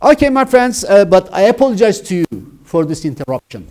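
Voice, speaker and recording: A man's voice: high-pitched, sing-song, brisk, darkish tone. A middle-aged man with a Turkish accent teaching a grammar lesson, emphatic and repeating key words for his students. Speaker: English teacher.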